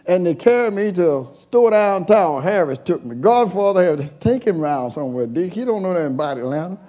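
A pastor preaches in a high, lively voice that leaps up and down. He moves between quiet, drawn-out passages and sudden shouted calls to the church. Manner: call-and-response preaching, swings from soft to shouting. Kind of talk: sermon.

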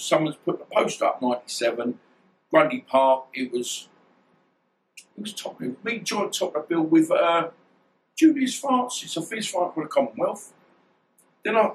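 A man's voice: a little high, slight background noise, poor audio. A middle-aged man, a former boxer, telling stories in a casual interview and often restarting his sentences. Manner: rambling, restarts often, swears.

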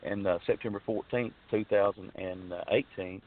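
A man's voice: lowish voice, fairly even intonation, moderate pace, a little hiss or hum. A man earnestly telling a long personal story in a rambling, casual way, full of restarts and fillers. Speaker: guest telling his story. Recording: tinny phone line.

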